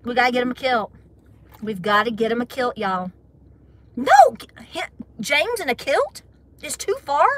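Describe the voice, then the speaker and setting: Middle-aged woman, Appalachian accent, high bright voice, chatty and giggly livestream host. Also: expressive, slight background noise. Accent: Southern American, Appalachian. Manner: chatty, giggly, drawn-out Southern phrasing. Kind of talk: casual livestream chat with viewers.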